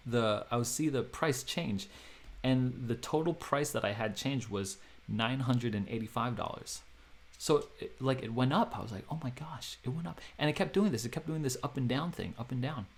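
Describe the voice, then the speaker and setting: A man hosting a vlog who tells a story in an animated way. He acts out the quoted dialogue with big jumps in pitch and loudness, and he laughs often and mocks himself. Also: gravelly. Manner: self-mocking, laughs often. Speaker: crypto video host.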